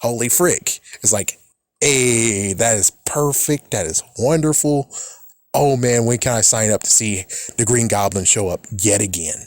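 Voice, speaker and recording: A man talks loosely and at length, often annoyed and quick to swear. His voice sits at an ordinary pitch. The sound is dry and close, with no room echo. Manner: rambling, exasperated, swears often. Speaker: vlogger. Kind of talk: casual rambling film commentary.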